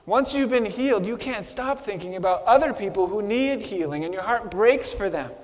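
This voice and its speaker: A man with a high, ringing voice delivers an impassioned first-person sermon, dropping to a hush and then rising to a shout. His voice trails off into the long reverb of a big hall. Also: lively intonation, moderate pace. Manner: impassioned storyteller, swings from hushed to shouting. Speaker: preacher.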